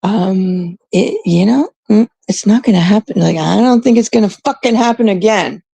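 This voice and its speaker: A woman's voice: mid-range voice, normal speed, creaky, dark tone, husky, dry recording. A Canadian woman in casual, unscripted talk to her chat, blunt and rambling, swearing often. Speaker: streamer talking to chat.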